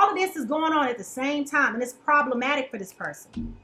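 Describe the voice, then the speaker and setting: A woman gives a casual tarot reading in a bright, sharp voice. She talks in a chatty, colloquial way and often stops to ask "okay?". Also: sits high, lively intonation, brisk, low-quality recording. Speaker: tarot reader.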